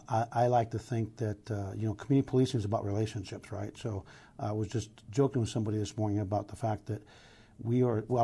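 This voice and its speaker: A middle-aged police chief from Los Angeles answers questions in a news interview, speaking earnestly and emphatically with many restarts. His lowish voice is gravelly and slightly rough, yet warm in tone.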